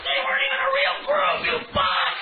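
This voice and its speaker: A man's voice: extremely high pitch, huge pitch swings, fairly quick, raised voice, over music, crowd noise. A man doing a stand-up rant, screaming and swearing with profane outbursts. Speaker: stand-up comedian. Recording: dull lo-fi comedy recording with audience noise.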